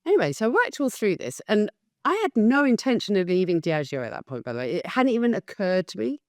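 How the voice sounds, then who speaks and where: A woman in her fifties, a guest on a podcast interview, telling her career story in a candid and animated way. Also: mid-range voice, fast, dry recording, studio quality. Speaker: guest, facilitation business founder.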